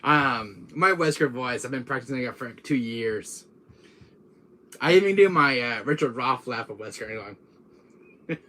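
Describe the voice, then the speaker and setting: A man hosting his small gaming channel, chatting casually and in a friendly way to a viewer. He rambles and restarts his sentences often, and his voice has a bright, forward tone at a middling pitch. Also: animated, normal speed. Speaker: gaming YouTuber.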